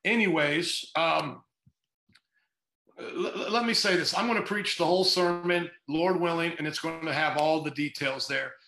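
A man's voice: fairly high pitch, moderate pace, pushed and bright, roomy sound, rough recording. A middle-aged man, a pastor hosting a podcast, talks in a fervent, sarcastic, rambling way. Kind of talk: casual preaching podcast.

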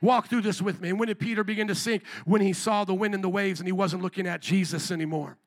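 A male pastor preaching a lively sermon in church, acting out quick voices and rising to shouts. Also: high voice. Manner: animated preaching, acts out voices.

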